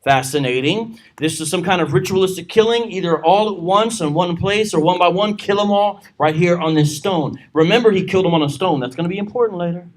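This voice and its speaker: A man's voice: high-pitched, fairly quick, few pauses. A man teaching a church Bible study, reading scripture aloud with joking asides. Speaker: pastor.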